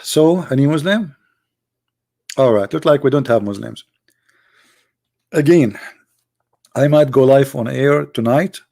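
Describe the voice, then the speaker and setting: Creaky-voiced man hosting a livestream. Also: medium pitch, a little slow, pauses often. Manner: animated storyteller in non-native broken English. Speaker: livestream host. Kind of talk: casual livestream chat.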